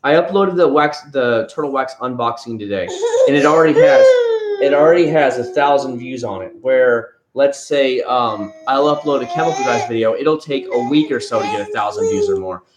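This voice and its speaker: A man hosting a casual late-night livestream, answering viewers in a rambling, plainspoken way with halting restarts. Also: medium pitch, very animated. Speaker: livestream host reviewing car-care products. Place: home room with a young child nearby. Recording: echoey room with background noise. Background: noise, a child crying at times.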